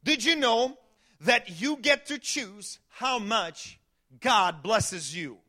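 A male pastor preaches with a very high, bright voice. He delivers his sermon in an animated way, acting out quotes and at times raising his voice to a shout. He often repeats words and restarts phrases as he goes. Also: slow pace.

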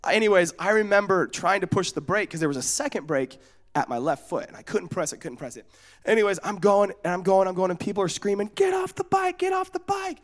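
High-voiced, animated young preacher. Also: male voice, fast. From United States, Oregon. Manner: animated, acts out the voices in his stories; casual, often asks "you know what I'm saying?". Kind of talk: storytelling sermon.

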